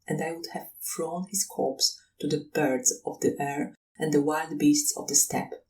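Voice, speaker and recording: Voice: medium pitch, expressive, a little fast, far from the mic, close to an everyday voice, rough recording. A reader voicing a stern, grieving old colonel who speaks solemnly and mournfully, in an audiobook reading. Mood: mourning.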